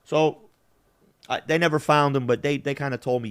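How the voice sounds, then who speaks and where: A man's voice: mid-range voice, a little fast, smooth. A man telling a story in casual, profane chat, acting out what the people in it said. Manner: profane, animated, acts out quotes. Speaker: podcast host.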